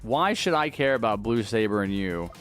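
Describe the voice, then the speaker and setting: A man's voice: fairly low pitch, animated, normal speed, a bit bright, faint music behind. A man live-streaming a video game, chatting casually, reading viewer messages aloud and thanking donors. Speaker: livestreaming gamer.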